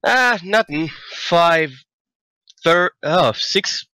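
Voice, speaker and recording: A man's voice: medium pitch, very animated, measured pace, sharp tone, no room sound. A man from Finland, a guest giving short, modest replies in casual chat. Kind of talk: casual live-stream chat.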